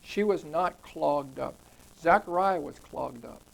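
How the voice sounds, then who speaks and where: Gravelly man leading a Bible study. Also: fairly high pitch, measured pace, rough recording. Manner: conversational, asks the group questions, repeats words when emphasizing. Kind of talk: interactive scripture teaching.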